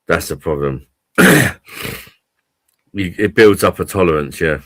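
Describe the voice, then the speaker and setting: A man's voice: sits low, measured pace, fairly bright tone, no room sound. A man hosting a casual live stream, chatting to viewers and swearing freely.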